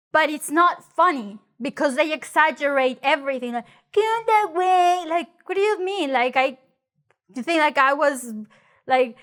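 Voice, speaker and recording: A woman with a Mexican accent gives a loose, conversational Spanish lesson, speaking in English. Her voice sits high, and she keeps things lively by acting out the phrases she explains. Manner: chatty, animated, acts out mocking exaggerated voices. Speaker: Spanish teacher. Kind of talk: casual spoken lesson.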